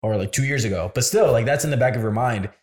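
A man's voice: mid-range voice, fast, a little mellow. A young man co-hosting a podcast in casual chat, easygoing and calling his friends bro. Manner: casual, says bro a lot. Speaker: podcast co-host.

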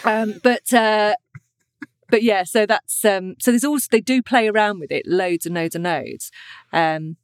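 A woman's voice: medium pitch, unhurried, dry recording, studio quality. A woman who narrates audiobooks, chatting casually and laughing often, with many restarts. She is from England. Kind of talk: casual chat.

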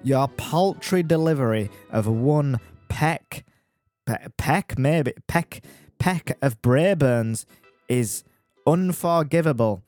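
A man's voice: mid-range voice, lively intonation, takes it slowly, a little mellow, no room sound, pitched above the performer's own voice. A man putting on a pompous, outraged voice for a fussy complaint letter, stretching out his words, with faint music behind. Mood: indignant.

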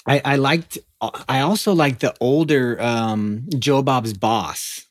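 Brief: man, 30s, podcast co-host, mid-pitch, easygoing rambling delivery, dry close mic. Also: slow, no echo. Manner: rambling, lots of fillers. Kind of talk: casual chat.

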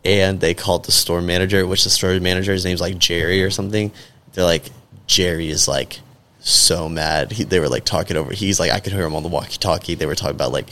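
A man's voice: low voice, fairly even intonation, fast talker, sharp tone. A man in casual podcast chat, telling a rambling, profane story full of fillers.

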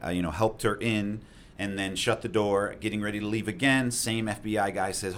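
A man with a low voice tells a story from a call he worked, in plain conversational speech. He slips into the voices of the people he met, loud and sharp. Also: steady tone, brisk, slight background noise. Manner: vivid retelling, acts out quotes loudly. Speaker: first responder telling his story.

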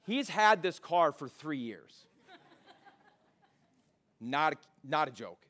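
Man, pastor, church sermon, conversational storyteller, fairly high voice. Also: normal speed. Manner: conversational storytelling preacher, animated retellings. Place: church sanctuary.

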